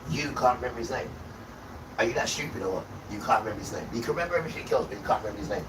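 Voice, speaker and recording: Brief: male livestreamer, preachy and scolding, hurls insults on repeat, mid-pitched voice, mic set well back with heavy background noise. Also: expressive, very fast, far from the mic. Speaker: livestream host. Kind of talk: ranting sermon-like monologue.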